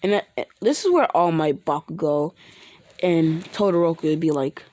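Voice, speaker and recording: A woman narrates an improvised fan story, rambling and restarting as she goes. Her voice is lowish and mellow. The sound is dry and close. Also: normal speed, no echo.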